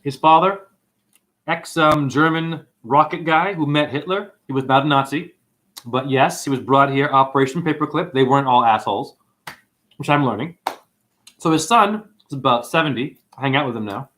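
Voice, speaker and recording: At a moderate pace and in a mid-range voice, a livestream host chats in a rambling, excitable way. He responds to comments and swears liberally while telling stories.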